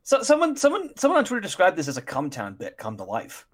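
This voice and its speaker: A man co-hosting a podcast, talking in a wry, halting way and often restarting his sentences. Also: sits high, wildly swooping pitch. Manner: wry, halting, stumbles over words. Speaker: podcast co-host. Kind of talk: casual chat, reading aloud.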